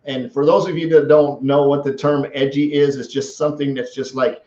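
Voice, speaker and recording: A man hosting a casual live stream, telling stories in an animated way and often restarting his sentences. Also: mid-range voice, moderate pace. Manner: animated storytelling with many restarts. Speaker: host. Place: small office room. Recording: echoey room, dull lo-fi sound.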